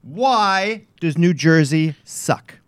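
Animated, teasing male co-host. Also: on the high side, very slow, clean tone, no room sound. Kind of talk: casual radio-style news quiz banter.

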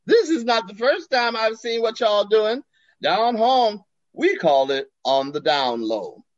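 A sassy, flamboyant Southern queen with a drawling Southern accent and a high, swooping voice, slow and commanding, as a man puts him on while telling a story. The sound is dry and a little dull. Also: big pitch swings, no room sound.

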